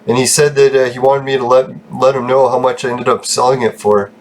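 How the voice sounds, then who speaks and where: A man chats casually as he hosts his own gaming channel, rambling and swearing freely with frequent laughs. His voice sits at an ordinary middle pitch. A faint hiss runs under the recording. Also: little pitch movement, a little fast. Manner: chatty, swears a lot, laughs often. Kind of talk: casual gameplay commentary.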